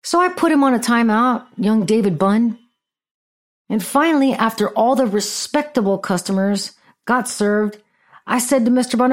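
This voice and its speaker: A woman's voice: on the high side, moderate pace. A middle-aged woman hosting a podcast, telling a story in a blunt, sarcastic, profane rant. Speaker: podcast host.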